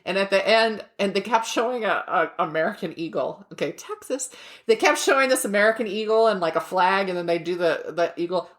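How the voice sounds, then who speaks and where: A woman co-hosting a podcast in casual chat, an animated storyteller who acts out quotes and laughs often. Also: medium pitch, a little fast. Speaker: podcast co-host.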